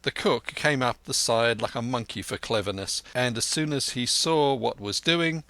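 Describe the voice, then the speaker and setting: A man narrating a classic adventure audiobook in measured storytelling, putting on a voice for each character. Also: medium pitch, pushed and bright, dry recording.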